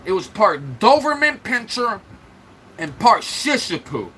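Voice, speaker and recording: A man's voice: high-pitched, very animated, slow pace, sharp tone, a little hiss or hum, rough recording. A man hosting a livestream, trash-talking and mocking commenters in loose, joking banter. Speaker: livestream host. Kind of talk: mocking live-chat banter.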